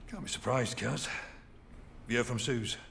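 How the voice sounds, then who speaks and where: A man's voice: mid-range voice, unhurried, creaky, a little hiss or hum. A man voicing a jovial male oil rig worker, trading matey banter in a video game. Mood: teasing. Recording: game audio played back quietly.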